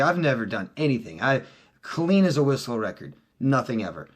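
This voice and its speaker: Very animated and brisk, the middle-aged relationship coach rants to viewers in a casual, profane, heated way. Loud outbursts give way to low, quiet stretches and back again.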